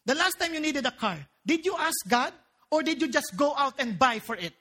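Woman preacher: high, bright voice, lively and playful from the pulpit. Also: moderate pace. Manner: animated and joking, mixing in local phrases. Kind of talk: sermon.

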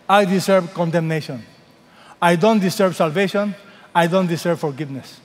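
A man preaching a sermon as pastor, emphatic, with dramatic pauses and words dropped to a hush. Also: high voice, long reverb tail.

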